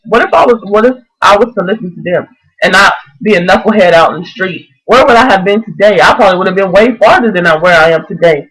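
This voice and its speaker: A woman's voice: medium pitch, fast, a bit bright, husky, low-quality recording. Fervent young woman preaching to camera. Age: 20s. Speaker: vlogger.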